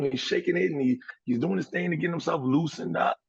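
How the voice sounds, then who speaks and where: A man co-hosting a podcast, telling a profane, animated story with a moral in a casual way. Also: fairly high pitch, fast talker, gravelly, slightly rough, dry recording, dull audio. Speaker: podcast co-host.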